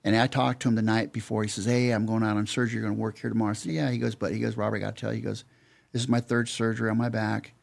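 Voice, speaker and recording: Talking very fast in a lowish, level, creaky voice, this older podcast guest with a security background spins a casual story. He keeps it plain-spoken and plays both parts of old conversations.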